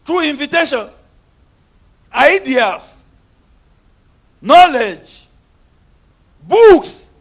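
A man preaching a sermon who moves between hushed talk and shouted, repetitive prayer declarations. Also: very high-pitched, big pitch swings, extremely slow, pauses often.

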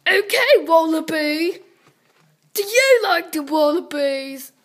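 A girl voicing a pushy female singer who loudly and insistently repeats one question. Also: sits high, fairly even intonation, fairly quick, close to an everyday voice. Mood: pushy, shouting. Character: pushy shouting wallaby-obsessed female singer.

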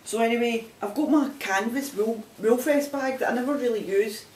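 A woman's voice: a little high, normal speed, a little mellow. Chatty Scottish woman in a roomy space. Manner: chatty and rambling, with frequent laughs. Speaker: knitting vlogger. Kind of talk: casual chat showing items to camera. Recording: roomy sound from a distant mic with faint background noise.

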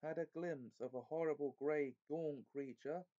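A man narrating a children's fantasy chapter book aloud in a measured, expressive way. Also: a little high, highs cut off. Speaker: audiobook reader. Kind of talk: storybook narration.

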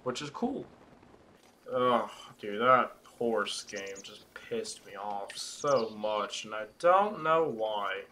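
Young male gamer, lively and bright-toned, slow swearing rants, faint game music under him. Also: on the low side, slight background noise. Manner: swearing, exasperated ranting at the game. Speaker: gaming YouTuber. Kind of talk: casual let's-play commentary.

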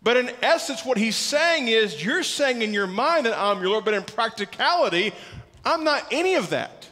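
A man's voice: very high voice, big pitch swings, moderate pace, sharp tone. A man preaching a sermon as pastor, emphatic, repeating key words and asking the congregation questions. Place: church sanctuary. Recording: church hall reverb.

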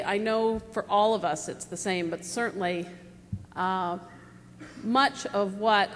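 A woman in her forties from the United States, with a mid-range, fairly bright voice, speaks as a panelist at a live forum on a large auditorium stage. She tells stories in a rambling, conversational way full of fillers. The recording carries long hall reverb and faint noise.

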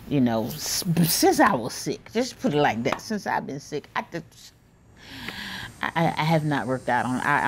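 A woman vlogging outdoors on her back porch, talking candidly and warmly to her viewers in a chatty, heartfelt way. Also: extremely low pitch, slight background noise. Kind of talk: casual vlog talk to camera.

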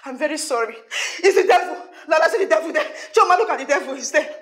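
A woman's voice: high voice, animated, quick pace, reverberant. An actress with a Nigerian accent playing a remorseful woman who begs her friends to forgive her, swinging between pleading and frantic laughing. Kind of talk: Nollywood film acting.

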